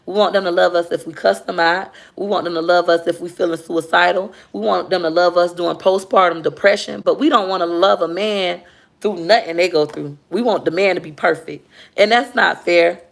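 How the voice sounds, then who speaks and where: A young woman, chatting candidly on a casual livestream. Her voice sits slightly low and has a gravelly, fry-edged texture. She talks openly with her viewers and reads out their comments as she goes. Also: fairly quick. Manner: chatty, candid, animated when retelling. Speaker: vlogger reading viewer comments.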